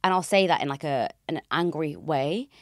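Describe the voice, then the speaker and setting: A young British woman hosting a podcast, making her points in an emphatic, animated way. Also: sits low, normal speed, dry recording, studio quality. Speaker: podcast host. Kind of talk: casual conversation.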